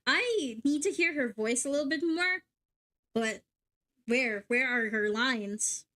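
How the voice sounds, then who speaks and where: A young woman livestreaming a game, chatting excitedly and swearing casually at her gear. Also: sits high, takes it slowly. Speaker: VTuber streamer.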